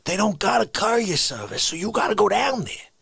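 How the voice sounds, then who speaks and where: A man hosting a live comedy stream, ranting through an unscripted monologue that swings between shouting and hushed whispers. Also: high voice, sing-song, fairly quick, vocal fry, slightly rough, no room sound.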